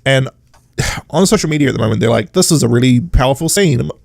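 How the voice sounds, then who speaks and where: A man hosting a podcast in casual chat, animated and sarcastic, often mimicking characters. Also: medium pitch, fast, gravelly, no echo, clean studio sound. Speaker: podcast host.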